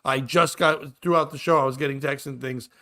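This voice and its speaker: A man's voice: medium pitch, steady tone, a little fast, bright, forceful tone. A man hosting a casual comedy morning show, telling rambling stories full of stammers and restarts. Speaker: podcast host.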